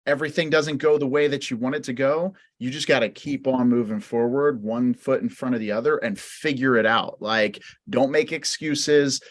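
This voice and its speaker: A man's voice: mid-range voice, steady tone, normal speed, few pauses. Talkative man on a video call. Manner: talkative, lots of "like", motivational. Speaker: co-host of live Q&A. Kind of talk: casual live-stream chat.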